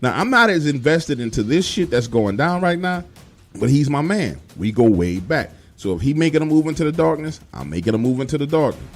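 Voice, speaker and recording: A man's voice: fairly high pitch, big pitch swings, a little fast. A man telling a first-person horror story in a casual, emphatic, profane way.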